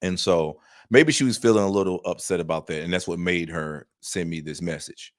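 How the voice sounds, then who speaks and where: A man's voice: sits low, fairly quick, no room sound, clean studio sound. A man giving casual, blunt commentary straight to his viewers while recounting messages. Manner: blunt, conversational, addresses viewers directly. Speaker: online track and field commentator.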